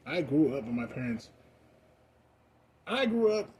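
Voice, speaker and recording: A man's voice: a little high, sing-song, a little slow, darkish tone. Rambling, profane American man, noisy background. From United States. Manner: rambling, heavy on "like" fillers, profane. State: high. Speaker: vlogger. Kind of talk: casual rambling rant.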